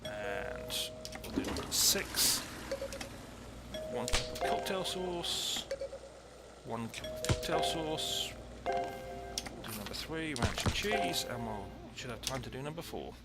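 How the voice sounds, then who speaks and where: A man's voice: mid-range voice, very animated, takes it slowly, loud music behind the voice. A man giving chatty, dry, methodical commentary while playing a cooking game. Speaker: let's play host. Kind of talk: gameplay commentary.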